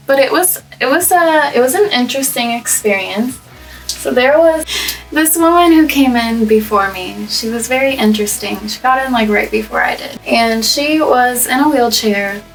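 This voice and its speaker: A young woman chats her way through a story, laughing often and trailing off mid-thought. Her voice sits a touch high. She sounds a little away from the microphone, with faint music behind her. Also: unhurried, recorded from a distance, poor audio. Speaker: vlogger. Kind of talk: casual story time while coloring hair. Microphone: microphone placed up by the camera.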